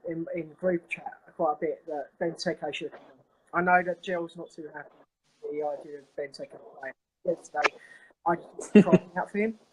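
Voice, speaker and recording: A man's voice: high voice, husky, poor audio. A man on a video call giving his opinions on a football match, earnest and opinionated. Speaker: caller. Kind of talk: casual football chat.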